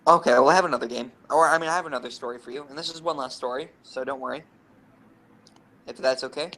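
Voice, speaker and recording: A young man and podcast co-host telling rambling, animated gaming anecdotes, swearing freely. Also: mid-range voice, quick pace, poor audio. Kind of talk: casual storytelling.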